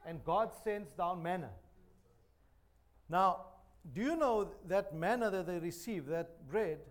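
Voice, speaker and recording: Humorous preaching man, higher voice. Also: lively intonation, takes it slowly. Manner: humorous, conversational preaching with repeated phrases. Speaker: pastor. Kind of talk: sermon. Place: church.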